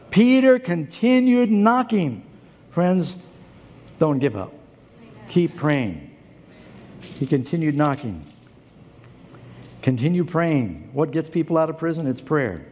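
A man preaching a sermon and telling stories, acting out voices with lively jumps in pitch. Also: a little slow, long pauses, slightly rough. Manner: animated storytelling, acts out voices, pitch jumps up for emphasis. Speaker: pastor. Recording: long hall reverb, faint ambience.

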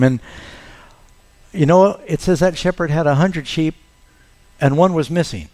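A man's voice: mid-range voice, moderate pace, pauses often, darkish tone. A man preaching a sermon as pastor, telling stories and acting out the lines he quotes in a raised voice.

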